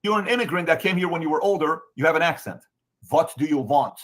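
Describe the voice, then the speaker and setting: A man's voice: fairly high pitch, quick pace, a bit bright. A man from Iran with a Middle Eastern accent, talking as a podcast guest in an emphatic way that is full of rhetorical questions. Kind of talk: opinionated podcast talk.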